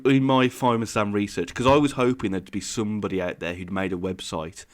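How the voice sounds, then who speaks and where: Low-voiced man explaining eagerly. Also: fairly even intonation, fairly quick. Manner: rambling, eager explainer who laughs often. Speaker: podcast co-host. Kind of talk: casual podcast chat.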